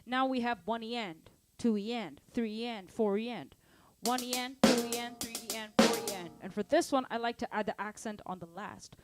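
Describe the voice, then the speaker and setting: Energetic woman teaching drums over a kit. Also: on the high side, moderate pace, over loud music. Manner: energetic, calls out counts and asks for engagement. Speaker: drum teacher. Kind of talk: live online drum lesson. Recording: drum kit playing behind. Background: drum kit.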